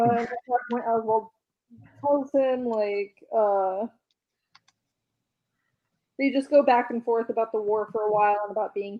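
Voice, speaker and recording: Chatty woman retelling a comic, lo-fi audio. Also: medium pitch. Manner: retells scenes by quoting characters in quick voices, laughs often. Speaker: podcast co-host recapping a comic. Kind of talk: casual chat.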